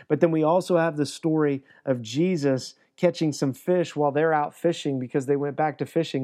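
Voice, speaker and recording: A man's voice: a little high, mellow. A man preaching a sermon, earnest, briefly acting out the people in the scripture story. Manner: earnest, acts out quoted dialogue. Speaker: pastor.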